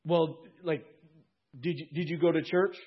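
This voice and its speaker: An angel at heaven's gates quizzes a newcomer, higher and brighter with disbelief , as a pastor puts him on. The husky voice sounds a little dull and lo-fi. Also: male voice, fairly even intonation, a little slow. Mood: puzzled. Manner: probing, incredulous.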